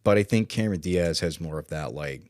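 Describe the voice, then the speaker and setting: Low-voiced man casually chatting about films. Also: a little fast, a little mellow, no room sound, clean studio sound. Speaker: podcast co-host. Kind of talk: casual film chat.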